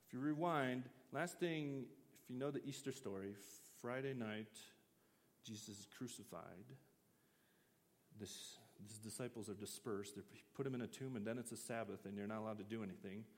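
A man's voice: lowish voice, moderate pace. Man, preacher, interactive sermon, conversational, reverberant hall. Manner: conversational, asks the audience questions.

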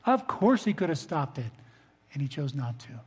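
An older man, a pastor preaching a sermon to his congregation, earnest, swinging between loud emphasis and soft low asides. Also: very animated, moderate pace, husky. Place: church sanctuary. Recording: long reverb of a large hall.

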